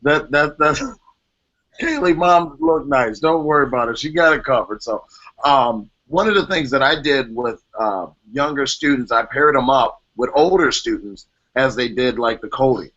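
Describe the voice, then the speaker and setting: A man's voice: medium pitch, normal speed, bright, forceful tone. A man moderating an online panel in a casual, chatty way, joking and laughing often. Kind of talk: casual video-call chat. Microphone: video call. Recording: dull lo-fi video call audio.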